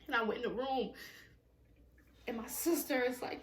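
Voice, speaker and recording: A woman's voice: on the high side, normal speed, echoey room. A woman telling a personal story time at home, in a raw, emotional, profane way with many repetitions. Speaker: vlogger.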